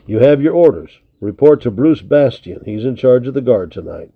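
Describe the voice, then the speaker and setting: A man reading the part of a stern expedition commander in a storybook, sharp and commanding. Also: medium pitch, expressive, normal speed, no room sound. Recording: tinny narrow lo-fi recording.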